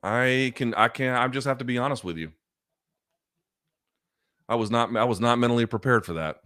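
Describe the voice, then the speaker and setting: Man reacting loudly to a live fight. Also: mid-range voice, moderate pace. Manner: excited, loud outbursts, profane; subdued, reflective, emotional. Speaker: host.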